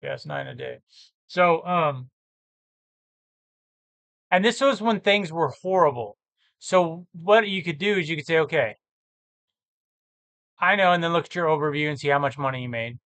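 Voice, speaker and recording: A man's voice: fairly high pitch, very animated, normal speed, long pauses, fairly bright tone, no echo. A man vlogging about his reselling business, walking through sales numbers on screen in a casual, think-aloud way with self-corrections. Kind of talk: casual screen-share walkthrough.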